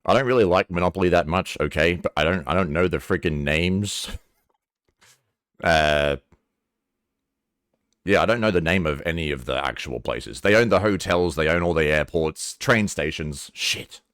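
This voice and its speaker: A man's voice: low-pitched, moderate pace, a bit bright, smooth, no echo, clean studio sound. A man talking earnestly and casually to camera about a personal topic, swearing now and then. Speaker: vlogger. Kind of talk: candid personal talk to camera.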